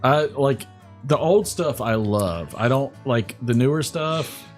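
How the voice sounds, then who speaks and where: A man hosting a casual chat, with a low rumbling voice, joking and reading out trivia. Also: lively intonation, takes it slowly, faint music behind. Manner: joking, reads history items and trivia. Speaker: podcast host.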